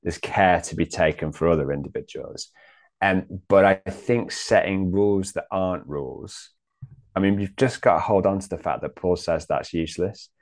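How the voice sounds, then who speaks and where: A man in a casual theological discussion, thinking aloud with many pauses and restarts. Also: low-pitched. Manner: hesitant, many ums and restarts.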